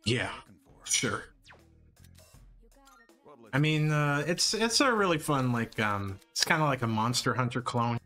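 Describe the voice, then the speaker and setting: Bright-voiced joking male streamer. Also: mid-range voice, lively intonation, unhurried, pauses often, faint music behind. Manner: joking, laughs often, playful slang. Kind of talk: casual chat over a game stream.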